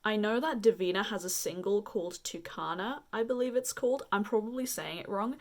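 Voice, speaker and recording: A woman's voice: mid-range voice, a little fast. An enthusiastic woman with a slight accent and a mid-range voice, gushing over makeup in a review vlog. She sounds bubbly and chatty, as if talking straight to her viewers. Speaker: beauty vlogger.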